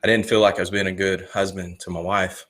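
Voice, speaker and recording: A man in his thirties, a former student pastor, telling his personal story earnestly, with loud animated peaks and soft slow confessional stretches. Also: deep voice. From Alabama. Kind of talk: personal testimony talk.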